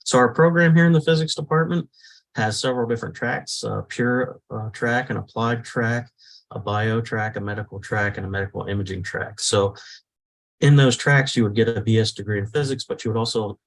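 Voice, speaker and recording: A physics professor giving welcome remarks at an online talk, pausing often with fillers. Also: male voice, medium pitch, vocal fry, poor audio. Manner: hesitant, many "uh" fillers.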